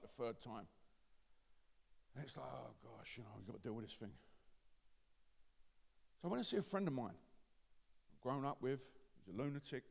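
A man with an East London accent preaching a testimony sermon, dropping to quiet confiding and building to loud shouts. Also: medium pitch, gravelly. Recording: long hall reverb.

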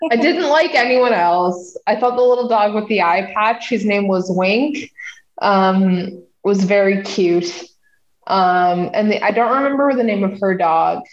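A woman's voice: mid-range voice, a little slow, roomy sound, muffled recording. A woman co-hosting a casual chat, laughing often and making sarcastic asides. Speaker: podcast co-host.

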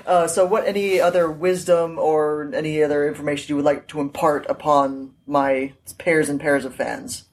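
A man's voice: a little high, steady tone, normal speed, slight background noise. A man hosting a casual podcast interview, joking and laughing often. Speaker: podcast host.

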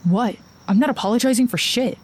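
A woman's voice: a little high, fairly quick, natural voice. A woman voicing a rude, foul-mouthed young man behind the wheel who talks in a crude, dismissive way. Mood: scornful.

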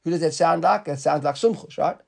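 A man's voice: fairly high pitch, rapid-fire, vocal fry. A man teaching a Talmud class in a conversational way, often repeating words and asking the students questions.

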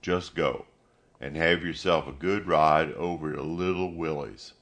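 A man doing a gentle, injured father. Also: very deep voice, steady tone, measured pace, creaky, full character voice. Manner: gentle, soft.

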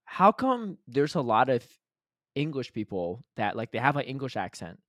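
A man's voice: mid-range voice, very animated, normal speed, a bit bright, dry recording, clean studio sound. An American man co-hosting a podcast in casual chat, curious and full of questions. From United States. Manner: curious, asks lots of questions. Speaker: podcast co-host.

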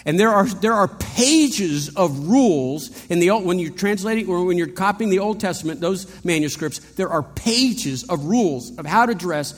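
A man's voice: sits high, animated, moderate pace, hardly any pauses. A man preaching a sermon in a conversational way, asking rhetorical questions and adding playful asides. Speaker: pastor. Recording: long reverb of a large hall.

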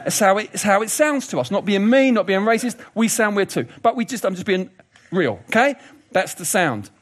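A man's voice: high-pitched, brisk. A man preaching a sermon in a chatty, conversational way, mixing in jokes, asides and playful sound effects. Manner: conversational, animated, does funny voices and asides.

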